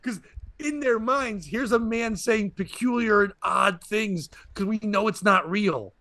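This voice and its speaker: A man's voice: high voice, measured pace, sharp tone, no echo, studio quality. A man, a comedian and podcast host, tells a rambling stand-up story and acts out other people's lines as he goes.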